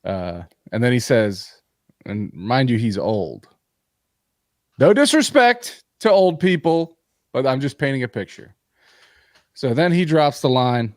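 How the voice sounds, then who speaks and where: A man hosting a comedy podcast, telling a story in a profane, animated, ranting way. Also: medium pitch, a little slow, pauses often, dry recording, studio quality. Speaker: podcast host.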